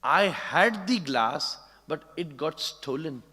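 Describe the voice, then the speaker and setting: A man's voice: a little high, expressive, slow pace, slightly rough, exaggerated voice. A man voicing a humble devotee who meekly apologizes, in a reverberant hall. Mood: apologetic. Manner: meek, apologetic, quieter.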